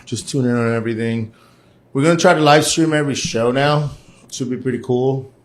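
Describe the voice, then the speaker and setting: A man from Puerto Rico talks on his live stream in a loose, chatty way, hopping from one topic to the next. His voice sits at an ordinary middle pitch. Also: brisk. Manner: chatty, rambling, jumps between topics. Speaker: host. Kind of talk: casual live-stream chat. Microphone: phone or camera mic on a live stream.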